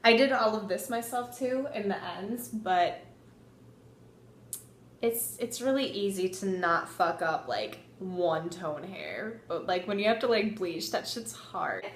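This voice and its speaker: A young woman telling a story in a casual vlog, animated, swearing freely and saying "like" a lot. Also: medium pitch, slow, reverberant, a little hiss or hum. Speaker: vlogger.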